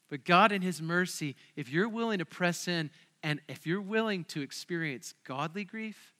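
Bright, high-voiced preacher man. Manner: conversational and emphatic, with rhetorical questions to the crowd. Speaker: pastor. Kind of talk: sermon. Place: church service.

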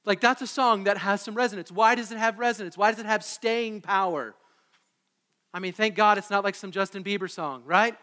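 A high, bright-voiced man preaching with excitable, animated energy. His voice carries a long reverb from a church hall. He talks like a pastor who grows eager as he goes. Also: a little fast. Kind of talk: sermon. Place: church sanctuary.

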